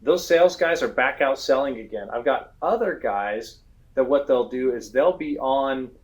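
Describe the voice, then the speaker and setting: A man talking shop as a guest in an interview, full of lively anecdotes. He jumps into quick impressions of worried customers and contractors while he makes his point. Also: mid-range voice, dull audio. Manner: animated storytelling, acts out customer voices. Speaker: guest, roofing software expert. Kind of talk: conversational business interview.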